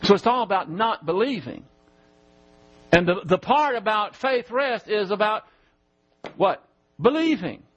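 A man preaching a sermon in a church, teaching Bible verses and slowly spelling out Greek words. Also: sits high, lively intonation, breathy edge, highs cut off. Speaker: pastor.

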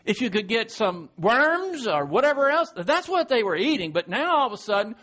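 High-voiced man teaching a folksy sermon. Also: fairly bright tone. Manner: conversational, asks rhetorical questions, chuckles while explaining. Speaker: Bible teacher. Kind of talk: verse-by-verse sermon.

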